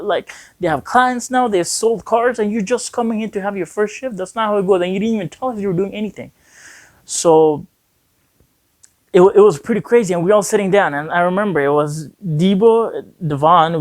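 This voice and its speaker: A man's voice: fairly high pitch, no echo. A young man from Afghanistan casually telling a long personal story in a vlog, rambling and acting out the dialogue with lots of "he like" and "I'm like". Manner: rambling, acts out quoted dialogue, frequent "he like". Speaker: vlogger.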